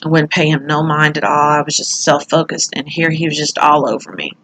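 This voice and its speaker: A woman's voice: low-pitched, little pitch movement, fairly quick, fairly bright tone, poor audio. A middle-aged woman talking casually through a tarot reading, chatty and candid, now and then swearing or laughing at herself. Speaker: tarot reader.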